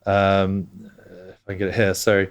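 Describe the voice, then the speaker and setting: A man's voice: low voice, monotone, moderate pace. A man, a brand co-founder talking as a guest, enthusiastic and rambling with many restarts. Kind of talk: casual conversation.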